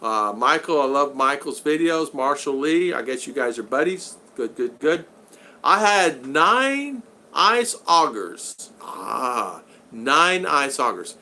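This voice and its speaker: A man's voice: medium pitch, animated, unhurried, sharp tone. A middle-aged man hosting a casual live stream, chatty, laughing often and thanking viewers over and over. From Florida. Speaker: live stream host reading super chats.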